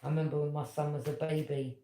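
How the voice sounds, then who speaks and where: A woman, telling a personal story in a casual, animated and indignant way, with quick "yeah?" asides. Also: sits low. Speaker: tarot reader. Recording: echoey room.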